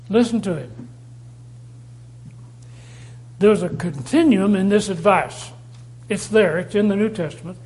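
A man preaching a sermon, reading scripture aloud and repeating key phrases slowly for stress. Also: high-pitched, darkish tone, poor audio. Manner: reads scripture aloud with rising emphasis.

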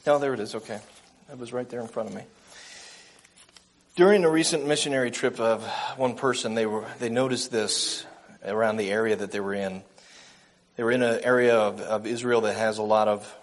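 Earnest man preaching a gentle sermon. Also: medium pitch, fairly even intonation, a little fast.

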